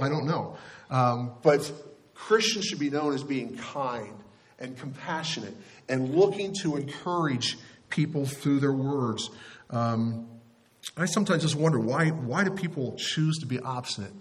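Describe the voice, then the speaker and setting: A man's voice: mid-range voice, a little slow. An older man, a pastor, preaching an earnest, conversational sermon in church with frequent restarts.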